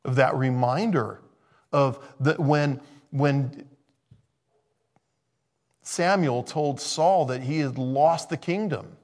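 A man's voice: medium pitch, takes it slowly, long pauses, darkish tone. A man preaching a sermon in a conversational way, thinking aloud and interrupting himself. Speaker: pastor.

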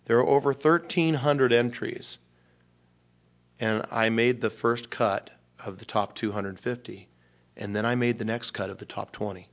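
A man preaching a storytelling sermon, animated and self-mocking, acting out dialogue with big swings and dropping to hushed near-whispers in prayer. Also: mid-range voice, unhurried, gravelly.

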